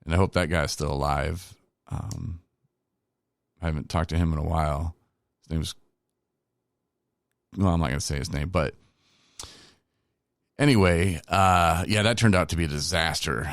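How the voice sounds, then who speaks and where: A man's voice: deep voice, normal speed, long pauses, dry recording, clean studio sound. A middle-aged man hosting a recovery podcast, telling his own story in a candid, rambling, self-deprecating way. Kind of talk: casual personal storytelling.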